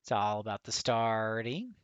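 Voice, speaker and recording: A man giving chatty live gameplay commentary as a streamer, talking straight to his viewers and jumping into high playful tones. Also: sing-song, a little slow, clear, resonant tone, no room sound, lo-fi sound. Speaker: game streamer.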